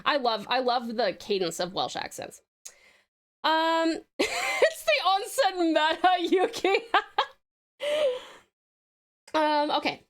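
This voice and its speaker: A woman streaming live and chatting with her viewers. Her voice is high and bouncy, and she swoops up and down a lot. She sounds mostly American, with an Australian lilt on a few words, and she is giggly and full of ums. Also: big pitch swings, takes it slowly, pauses often. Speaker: livestreamer. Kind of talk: casual livestream chat with viewers.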